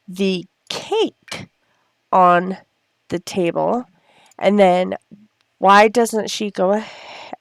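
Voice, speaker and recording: A woman's voice: medium pitch, gravelly. A woman chatting casually over her life-sim gameplay, talking to her characters and her viewers. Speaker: gameplay narrator. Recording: faint background music.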